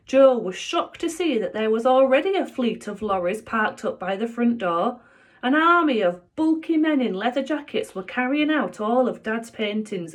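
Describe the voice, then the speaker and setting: A woman teacher reading a children's book aloud in an expressive storytelling manner. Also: a little high.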